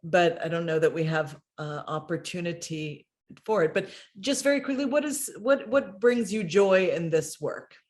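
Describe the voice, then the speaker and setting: A woman's voice: on the low side, normal speed, darkish tone. A woman hosting and moderating a conversation over a video call. She speaks thoughtfully, with many fillers. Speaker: host, moderator. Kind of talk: casual conversation.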